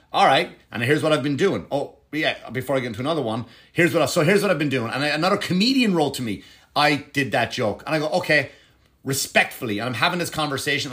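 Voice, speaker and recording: A man's voice: medium pitch, fairly bright tone. Rambling, profane male comedian. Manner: profane, digressive, frequent restarts. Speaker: stand-up comedian. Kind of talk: casual rambling monologue to camera.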